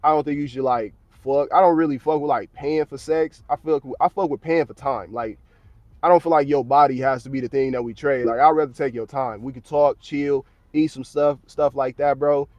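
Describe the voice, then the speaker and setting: A man's voice: mid-range voice, normal speed, darkish tone, no room sound, highs cut off. Blunt, profane American man streaming. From United States. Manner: blunt, profane, slang-heavy. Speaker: livestreamer. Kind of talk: casual livestream chat. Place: parked car at work.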